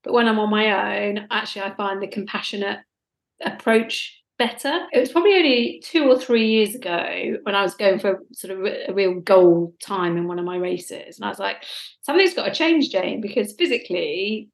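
A woman co-host speaking with a Norfolk accent, at a middle pitch for a woman. She chats casually and easily, dropping in lively quoted remarks as she tells stories. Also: moderate pace, gravelly. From England. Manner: chatty, self-deprecating, with lively quoted asides. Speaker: podcast co-host. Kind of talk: casual chat.

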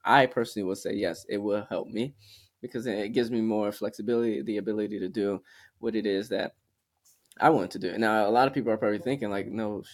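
A man co-hosting a podcast, giving his views in a measured, reflective way with some "um"s. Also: on the low side, fairly even intonation. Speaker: podcast co-host. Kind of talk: casual chat.

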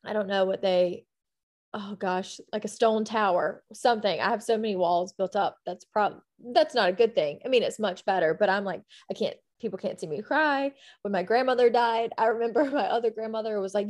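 Young female co-host, candid and self-deprecating, mid pitch. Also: a little fast. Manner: candid, self-deprecating, quotes herself in voices. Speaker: podcast co-host. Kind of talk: casual faith conversation.

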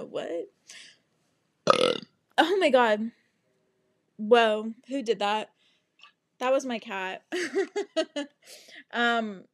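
A young adult woman hosting a podcast, telling a story in a casual monologue full of swearing and sing-song asides. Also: mid-range voice. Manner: animated, swears often, breaks into laughs and sing-song asides. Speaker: podcast host.

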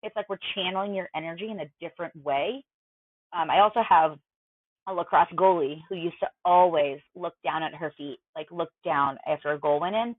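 A lower-pitched woman coach talks things through in a chatty, filler-heavy way. Her voice comes over a thin, phone-like line with no room sound. She explains as a podcast guest. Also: fairly quick, dry recording. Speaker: mental performance coach. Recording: dry tinny phone-like line.

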